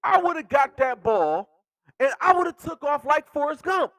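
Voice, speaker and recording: A male podcast host delivering an excitable sports rant, swearing freely and laughing through his words. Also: very high voice, unhurried, no echo.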